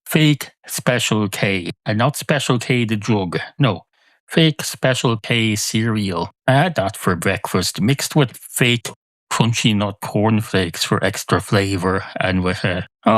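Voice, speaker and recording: A man with an Irish accent hosting a solo comic podcast, wandering through absurd tangents in a deadpan way. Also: lowish voice, unhurried, dry recording. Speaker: podcast host.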